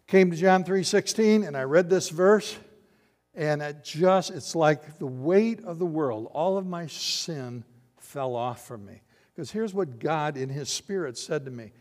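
A man's voice: a little high, a little slow. Older male pastor preaching in a reverberant hall. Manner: swings from loud emphatic lines to quiet hushed ones. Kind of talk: sermon.

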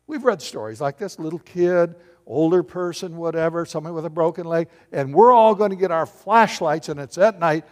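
A man preaching a sermon as pastor, animated and joking with his congregation. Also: fairly high pitch, brisk, hardly any pauses. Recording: long hall reverb.

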